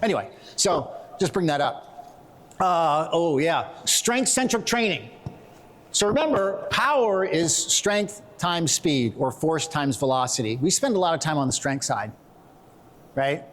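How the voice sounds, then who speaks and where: A middle-aged man giving a conference talk, animated and joking, telling quick stories to make his points. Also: on the high side. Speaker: conference presenter. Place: conference hall.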